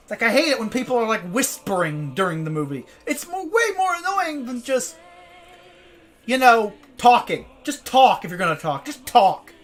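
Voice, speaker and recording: Joking, profane woman streamer, higher voice. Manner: joking, profane, ranting, laughs often. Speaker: game streamer. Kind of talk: casual live gameplay commentary.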